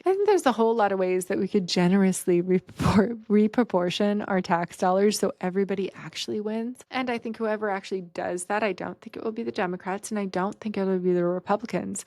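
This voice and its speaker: A woman in her forties hosts her podcast with a frank, rambling storytelling manner and casual swearing. Her voice sits at an ordinary middle pitch. It is recorded close and dry, with no room sound. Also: darkish tone, no echo. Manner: frank and profane, rambling asides. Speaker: podcast host.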